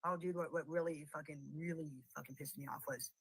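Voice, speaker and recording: A woman's voice: deep voice, fairly even intonation, brisk, breathy edge, no room sound, poor audio. A woman host in a casual livestream chat, telling stories bluntly and with plenty of swearing. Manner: blunt, profane storytelling. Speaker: channel host.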